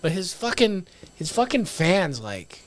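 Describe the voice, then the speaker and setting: A man guesting on a podcast as a stand-up comedian, joking in a loose, profane, animated way. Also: high-pitched, a little slow. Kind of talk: casual podcast banter.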